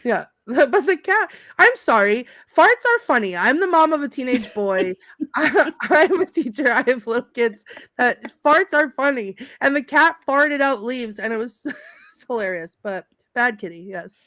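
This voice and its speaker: A woman's voice: high voice, expressive, normal speed, fairly bright tone, no room sound, studio quality. A middle-aged woman on a podcast panel, chatting casually, laughing often and reading favorite movie quotes aloud with relish.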